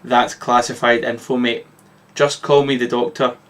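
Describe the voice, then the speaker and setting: A man's voice: medium pitch, level tone, moderate pace, a bit bright, natural voice. Field: the Doctor, a man playing a curt, impatient alien traveller. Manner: snapping.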